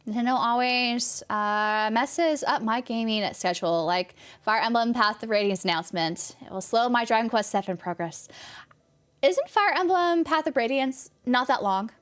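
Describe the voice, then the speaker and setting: Chatty young Californian woman, slightly high voice. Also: moderate pace, fairly bright tone. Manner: chatty, rambling, answers chat questions with frequent laughs. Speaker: game streamer. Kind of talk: casual live-stream chat.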